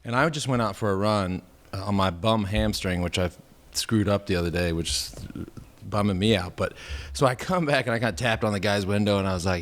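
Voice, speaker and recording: Guy hosting a podcast, kinda low voice, stumbles and restarts a lot, jokey. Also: brisk. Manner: animated, self-mocking storyteller with many restarts. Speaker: podcast host. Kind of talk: casual chat.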